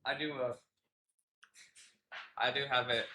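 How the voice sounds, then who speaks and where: Rambling teenage boy, bright and echoey. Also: mid-range voice, steady tone, takes it slowly. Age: teens. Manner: rambling, many fillers and restarts, laughs often. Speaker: podcast co-host. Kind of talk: casual chat. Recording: echoey room with faint noise.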